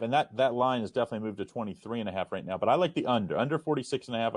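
A man giving a confident, brisk betting pick as a guest handicapper. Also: fairly low pitch, darkish tone, no echo. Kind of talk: sports betting analysis.

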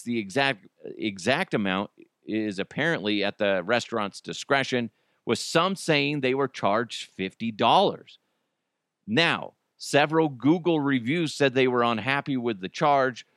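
A man's voice: medium pitch, fairly bright tone, dry recording, studio quality. A man with kids hosting a casual comedy podcast, chatting wryly about the news with lots of asides and restarts. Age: adult with children. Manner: chatty, wry, rambling, frequent restarts and asides. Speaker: podcast host.

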